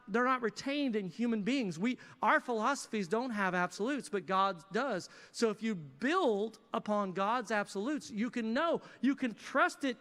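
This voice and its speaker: A man pastor preaching a sermon in a lively, conversational way with casual asides. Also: high-pitched. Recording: reverberant church hall.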